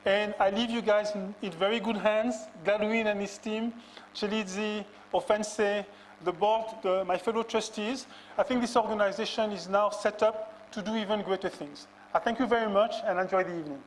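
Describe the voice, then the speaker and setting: A man giving a measured farewell speech as an outgoing executive, pausing often with fillers. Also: high-pitched, fairly even intonation, a little hiss or hum, low-quality recording. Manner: measured, halting, with many fillers. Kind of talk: formal speech.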